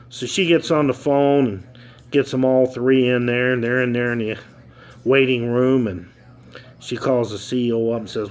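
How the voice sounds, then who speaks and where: A man's voice: medium pitch, fairly even intonation, normal speed. Folksy man telling a joke. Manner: folksy, easygoing, with ums and uhs. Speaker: joke teller. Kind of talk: casual storytelling joke.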